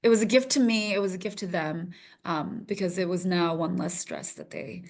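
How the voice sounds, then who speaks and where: Animated woman telling her story. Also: fairly low pitch, normal speed. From Minnesota. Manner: animated, laughs often, restarts sentences. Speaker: podcast guest, TV news reporter. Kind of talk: casual interview storytelling.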